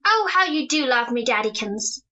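A woman's voice: sits high, sing-song, moderate pace, bright, forceful tone, dull audio, heavily acted. A woman voicing a playful, affectionate teenage daughter in a radio drama, teasing and bubbly. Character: playful, adoring teenage daughter putting her hair up.

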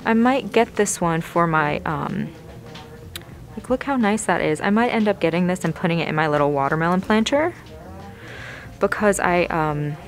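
A woman's voice: on the low side, moderate pace. A young woman vlogging casually while she shops in a plant nursery, gushing over what she finds. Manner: gushing, excitable, narrating as she browses. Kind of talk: casual shopping vlog narration.

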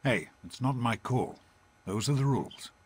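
A husky, gentle game dad. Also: male voice, medium pitch, moderate pace, dry recording. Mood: earnest. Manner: calm, earnest, reassuring. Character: gentle protective middle-aged father, vault doctor. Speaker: father of the player character.

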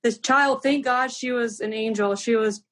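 A woman's voice: on the high side, moderate pace. A young woman guest telling a travel story in casual chat, acting out the dialogue with lots of "like". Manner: animated, acts out quoted dialogue, many "like"s.

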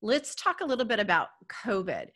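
A woman's voice: medium pitch, very animated, fairly quick, a bit bright. A woman hosting an interview podcast, asking encouraging questions. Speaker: podcast host.

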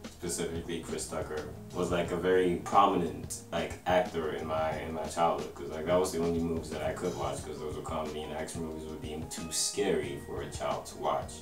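A young man in his twenties from South Africa with an American-sounding accent, telling a rambling story to camera in a relaxed vlog style full of "like". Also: rumbling low, brisk, hardly any pauses, recorded from a distance, music in the background. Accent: American-sounding English. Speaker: vlogger. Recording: roomy and a bit off-mic.

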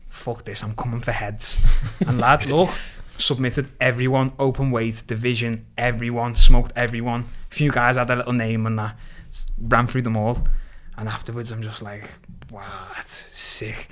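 A man from Liverpool with a Scouse accent, a podcast guest lively retelling his story with quoted dialogue and plenty of swearing. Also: medium pitch, normal speed, few pauses. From Liverpool, England. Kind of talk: casual storytelling interview.

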